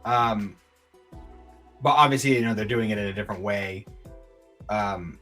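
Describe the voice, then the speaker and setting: A man's voice: lowish voice, normal speed, sharp tone, soft background music. A man co-hosting a casual podcast chat, talking in a rambling way with plenty of fillers. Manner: chatty, rambling with many fillers. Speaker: podcast co-host.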